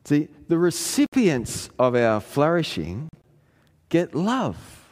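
A man preaching a sermon, telling a family story in an earnest way and rising in pitch when he presses a point. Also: wildly swooping pitch, takes it slowly, darkish tone. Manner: earnest storytelling, pitch climbing in emphatic passages. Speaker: pastor. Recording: long hall reverb.

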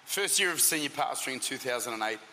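Very bright-voiced pastor man, hall echo. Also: medium pitch, fast, a little hiss or hum. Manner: lively storyteller, restarts and repeats words. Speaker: traveling preacher and senior pastor. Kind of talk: interview guest telling stories.

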